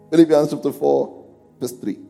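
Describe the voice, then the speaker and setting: Preaching at a measured pace, this pastor has a voice on the high side, fairly even in intonation, creaky and dark. He addresses questions to the congregation, who read along, and raises his voice reading scripture, with music under a long echoing hall.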